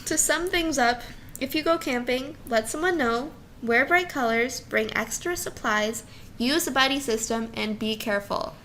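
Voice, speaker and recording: A woman's voice: high voice, moderate pace, fairly bright tone, slight background noise. A young woman co-hosting a podcast in casual chat, giggly and filler-heavy, saying "like" a lot. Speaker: podcast co-host.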